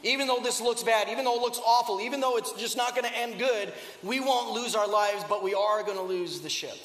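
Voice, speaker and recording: Male preacher with a very high voice, chatty and full of rhetorical questions, recorded in a reverberant church hall. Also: brisk, fairly bright tone. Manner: conversational storytelling with rhetorical questions. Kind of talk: sermon. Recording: echoey hall with long reverb.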